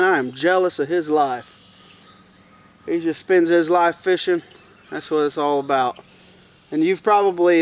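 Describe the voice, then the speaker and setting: A man, chatting casually to camera at a woodland campsite in a relaxed, rambling way. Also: a little high. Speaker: bushcraft vlogger. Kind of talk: casual campfire chat to camera. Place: outdoors in the woods at a campsite. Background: crickets and insects.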